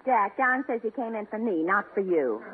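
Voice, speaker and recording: A woman's voice: mid-range voice, animated, normal speed, slight background noise. A woman in a 1940s radio comedy delivering tart, needling wisecracks. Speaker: comedy show regular. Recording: tinny old radio broadcast.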